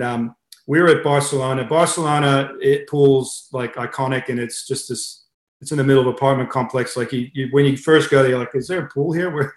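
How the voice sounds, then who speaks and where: A middle-aged Australian man, head swimming coach and interview guest, speaks in a medium-pitched voice with reverberation. He chats casually and tells stories, full of fillers and restarts.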